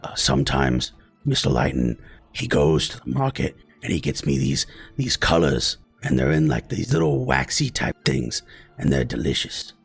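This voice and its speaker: A man voicing a huge, simple-minded, gentle male giant who talks in halting, childlike broken speech. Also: extremely low pitch, big pitch swings, creaky, breathy edge, soft background music, pitched below the performer's own voice, heavily acted.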